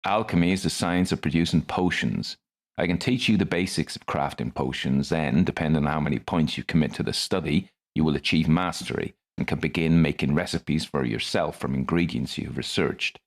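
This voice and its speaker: A man's voice: extremely low pitch, brisk. A man doing a stern old West Country chemist. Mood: explaining. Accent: West Country English. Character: grey-bearded old male Victorian chemist, curious and wise.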